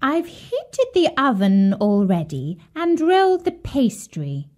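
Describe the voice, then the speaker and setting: A woman voicing a cruel, greedy old witch in a storybook, shrill and jeering, snapping out orders. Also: huge pitch swings, slow, heavily acted. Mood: whispered, scheming. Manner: shrill, jeering, bossy shouting.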